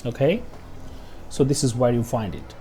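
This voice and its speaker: A man's voice: mid-range voice, big pitch swings, moderate pace, warm tone, slight background noise. A man teaching pronunciation over a lesson walkthrough, repeating example words and often checking in with "okay?". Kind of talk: screen-share lesson walkthrough.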